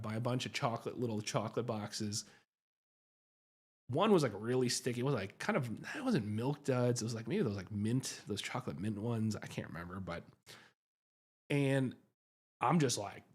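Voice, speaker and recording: Husky, lively-voiced male psychiatrist host. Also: medium pitch, normal speed. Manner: animated, self-mocking, chatty with many tags like "right?". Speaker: psychiatrist hosting a livestream. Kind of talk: casual livestream storytelling.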